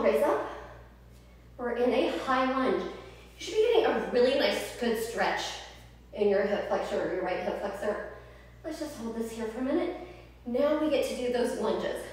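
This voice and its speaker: A high, bright-voiced woman guides a home yoga flow in an upbeat, chatty way, counting reps and drifting into tangents while a little winded. She is picked up from across a very echoey room, with a faint hiss under her voice. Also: far from the mic. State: slightly out of breath. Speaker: yoga instructor. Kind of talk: guided home workout livestream.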